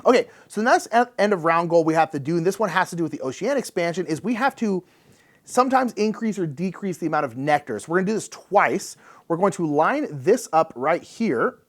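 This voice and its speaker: A man's voice: high-pitched, lively intonation, a little fast. A man casually talking through a solo board game, thinking aloud as he explains the rules, upbeat and playful. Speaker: board game channel host.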